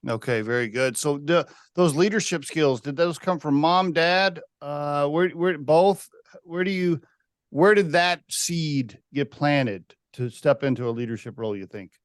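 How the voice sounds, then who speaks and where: A man in his forties hosts a relaxed podcast conversation, chatty and laughing easily as he asks questions. His voice is smooth and resonant, and the recording is very dry, with no room sound. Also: fairly high pitch, unhurried, dry recording. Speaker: podcast host. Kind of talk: casual interview chat.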